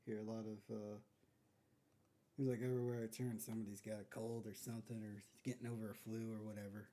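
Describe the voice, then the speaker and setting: A man hosting a casual podcast, talking in a halting way with lots of pauses and restarts. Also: lowish voice, little pitch movement, mellow. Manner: halting, many fillers and restarts. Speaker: podcast host.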